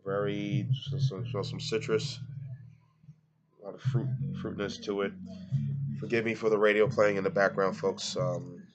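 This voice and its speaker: At home and wandering between rooms, a man with a congested, nasal voice reviews a beer for a casual vlog, rambling and hesitating with lots of fillers. His lowish voice is flat and at normal speed, picked up by a laptop's built-in mic in a muffled recording with music in the background.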